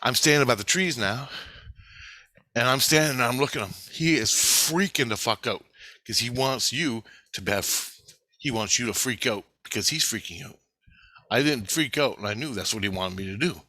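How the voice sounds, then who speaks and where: A man telling a long story in a casual vlog, rambling, animated and profane. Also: medium pitch, moderate pace, no room sound.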